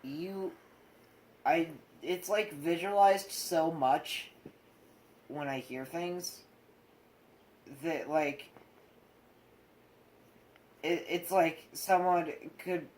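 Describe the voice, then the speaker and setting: A young man talking in a slow, unhurried way. He chats casually and haltingly, often stopping to search for words and restarting his sentences. He speaks as a co-host recounting his own experience. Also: a little high, a little mellow, slight background noise, rough recording. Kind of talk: casual chat.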